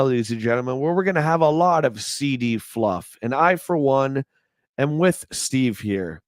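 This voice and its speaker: A man's voice: medium pitch, dry recording, clean studio sound. A man hosting a casual livestream, reading old magazine reviews aloud with wry, joking asides and chatting back to his viewers. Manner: chats back to a live chat. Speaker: livestream host.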